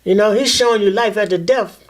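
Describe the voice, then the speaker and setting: A man in his seventies telling his son stories from his life in a loose, animated way, often saying "man" and "you know". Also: sits high, brisk. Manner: acts out other people's voices in his stories. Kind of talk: casual storytelling conversation.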